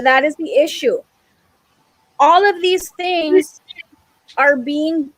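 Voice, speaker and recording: Exasperated high-voiced woman teacher. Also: dry recording, low-quality recording. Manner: exasperated, emphatic, repeats herself. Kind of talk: frustrated discussion in a group meeting.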